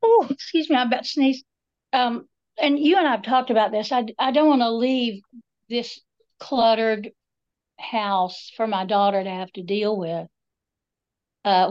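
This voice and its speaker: A woman's voice: a little high, a little mellow. A middle-aged woman co-hosting a podcast, telling stories in a casual, wry, self-mocking way. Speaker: podcast co-host. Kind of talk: casual chat. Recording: dull lo-fi sound.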